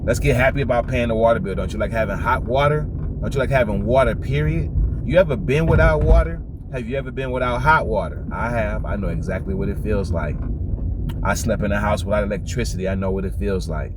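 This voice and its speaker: A man's voice: lowish voice, a little fast, noisy background. A man talking to his viewers about what he has learned with age, in a repetitive, preachy way full of rhetorical questions. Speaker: vlogger giving life advice. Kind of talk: reflective motivational monologue.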